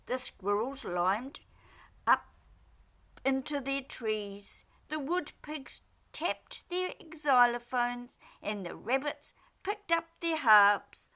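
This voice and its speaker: A woman reading a children's picture book aloud in an expressive, animated way. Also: high-pitched, slow pace. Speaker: storyteller.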